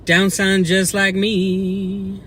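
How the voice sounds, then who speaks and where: A man's voice: high-pitched, completely flat delivery, very slow, a bit bright, a little hiss or hum. A young man with a Mexican American accent, ranting back at commenters during a live stream, combative and mocking. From United States. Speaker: livestream vlogger. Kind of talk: live-stream rant to chat.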